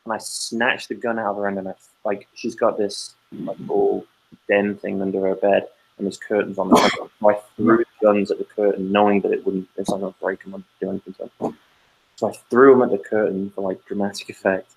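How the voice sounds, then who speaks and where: A man's voice: on the low side, fairly quick, creaky, rough recording. A man in his thirties, a podcast co-host, telling stories in casual chat and acting out quoted lines. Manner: animated storyteller, acts out quoted lines loudly.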